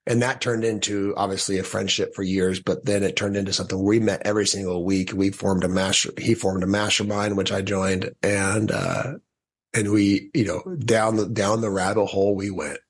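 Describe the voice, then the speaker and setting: A man with a low, breathy-edged voice tells his own story as a podcast guest. He talks earnestly and in fits and starts, often restarting a thought mid-sentence. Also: moderate pace. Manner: earnest, restarts sentences, animated when quoting. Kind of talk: personal storytelling in a podcast conversation.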